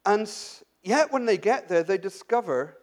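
A man with a high voice preaches a sermon as if chatting with his congregation. He asks rhetorical questions and often restarts his sentences as he works through the passage. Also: animated, unhurried. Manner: addresses the congregation directly. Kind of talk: sermon, Bible exposition.

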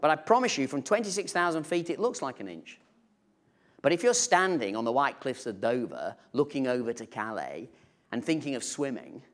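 Lively preacher with playful asides. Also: male voice, medium pitch, moderate pace. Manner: conversational and humorous, with playful asides. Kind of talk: sermon. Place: church.

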